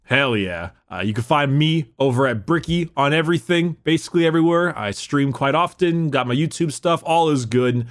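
Excitable young guy podcasting. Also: on the high side, normal speed, hardly any pauses. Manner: excited, rambling, swears casually, laughs often. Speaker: podcast co-host. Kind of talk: casual chat.

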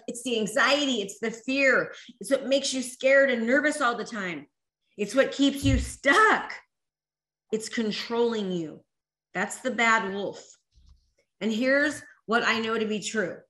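A woman gives an energetic motivational talk, her fairly high, bright voice ringing through an echoey room. She repeats her lines and urges the crowd to join in. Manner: energetic, repetitive, rallying the crowd. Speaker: motivational speaker. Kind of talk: motivational talk to a live audience.

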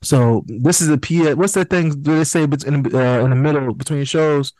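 A young man hosting a casual podcast, chatting in a relaxed way that trails off and restarts. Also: a little high, moderate pace, dry recording. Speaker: podcast host. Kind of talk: casual chat.

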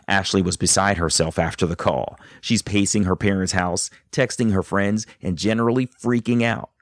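A man hosting and narrating a documentary in a measured way, adding brief reactions while his guest talks. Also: lowish voice, no room sound, studio quality. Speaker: host and narrator.

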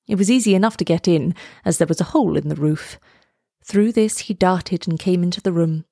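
A woman reading a fairy tale aloud, slow, lilting and expressive. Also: on the low side, vocal fry, no room sound, studio quality. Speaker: storyteller. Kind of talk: storybook read-aloud.

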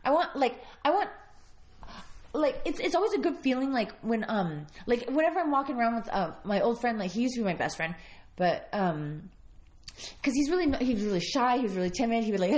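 Fast-talking bubbly woman guest. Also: medium pitch, darkish tone. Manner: bubbly, full of "like" fillers. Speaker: interview guest. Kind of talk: casual interview chat.

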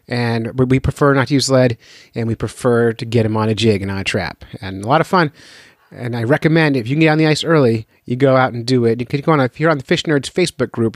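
A man's voice: medium pitch, no room sound, clean studio sound. A man hosting a fishing podcast in a loose, jokey, rambling way. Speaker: podcast host. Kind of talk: casual podcast talk.

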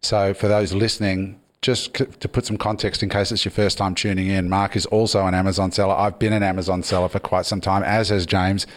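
A man's voice: low voice, level tone, fairly quick, hardly any pauses. A man hosting a podcast interview, steering with questions. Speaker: podcast host. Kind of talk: casual interview.

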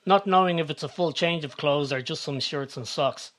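A man giving calm, measured scripted narration. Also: a little high.

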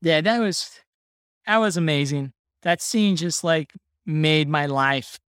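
A woman co-hosting a casual podcast chat, excitable, laughing often and saying "like" a lot. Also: low-pitched, takes it slowly, clean tone, no echo, studio quality. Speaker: podcast co-host. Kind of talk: casual chat about a film.

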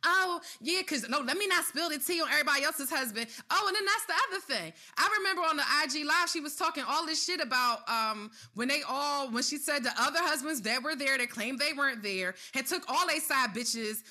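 High, bright-voiced woman ranting profanely. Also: fairly quick, few pauses. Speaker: podcast co-host. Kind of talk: heated gossip commentary.

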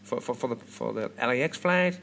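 A British man doing a clumsy impression of a huge Southern American cowboy of about thirty, with a halting attempted Southern accent. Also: mid-range voice, animated, vocal fry, fairly bright tone, slight background noise. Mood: friendly. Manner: halting, self-mocking impression.

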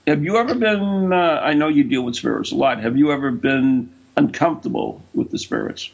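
Brief: gravelly male host, lively and husky, jokey questions, lo-fi. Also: medium pitch. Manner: joking, halting questions. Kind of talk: casual interview. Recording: muffled lo-fi audio.

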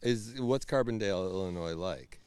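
A man's voice: low-pitched, normal speed, darkish tone, clean tone, no room sound. A man co-hosting a casual chat, teasing and asking playful questions. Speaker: podcast co-host.

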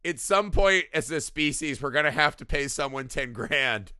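A man's voice: on the high side, moderate pace, clean tone, dry recording, clean studio sound. A man co-hosting a podcast, talking about films in casual, profane chat and often tagging "right?" onto his sentences. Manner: profane, animated, keeps saying "right?". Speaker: podcast co-host.

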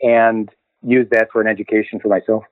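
A man's voice: lowish voice, flat delivery, a little fast, no echo. Car builder guy on the line, tinny phone sound, super dry, lots of "you know". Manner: casual, fills with "you know", restarts. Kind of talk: interview answers.

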